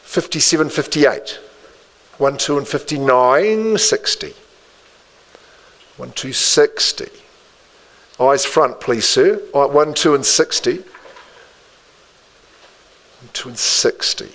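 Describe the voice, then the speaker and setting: A man's voice: mid-range voice, a bit bright, rough recording. New man calling a live auction. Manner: rhythmic patter repeating bid figures with quick asides. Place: indoor auction room.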